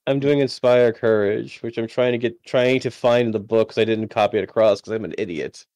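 A man's voice: fairly low pitch, fairly even intonation, a little fast, a little mellow, no echo. A man playing a tabletop game over voice chat, rambling, self-deprecating and often restarting his sentences. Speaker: player.

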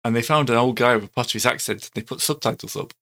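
A man's voice: mid-range voice, racing, creaky, a bit bright. A man with a Stoke-on-Trent accent, running a tabletop game in a laid-back, casual way. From Stoke-on-Trent, England. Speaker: game master.

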